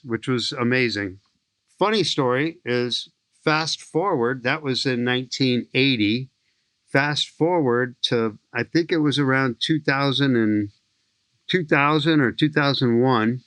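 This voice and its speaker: A man in his sixties from St. Louis, a skydiving instructor telling lively, enthusiastic stories as a podcast guest. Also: medium pitch, measured pace, dry recording. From St. Louis, USA. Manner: enthusiastic, lively anecdotal storyteller. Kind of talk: animated storytelling in an interview.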